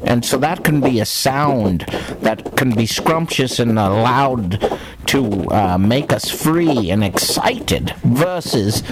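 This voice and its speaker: A man delivering a mock-serious, rambling monologue of nonsense plans in a deadpan way. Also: mid-range voice, slow pace, noisy background.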